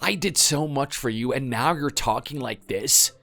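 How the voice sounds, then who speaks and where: A man's voice: mid-range voice, moderate pace, vocal fry, pushed and bright. A man voicing a defensive husband clinging to his marriage, in a pleading, insistent manner. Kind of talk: scripted dialogue drama.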